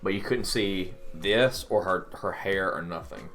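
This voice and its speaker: Blunt, joking young man with a lowish voice. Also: measured pace, a bit bright, faint music behind. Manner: storytelling, jokey, blunt. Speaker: podcast co-host. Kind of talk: casual chat.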